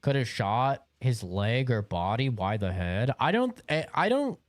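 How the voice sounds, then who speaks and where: A man's voice: mid-range voice, sing-song, unhurried, no echo. A young man livestreaming, telling a long story in a casual, rambling way, swearing often and filling gaps with "like" and "bro". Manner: rambling, profane, lots of filler like "like" and "bro". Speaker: streamer.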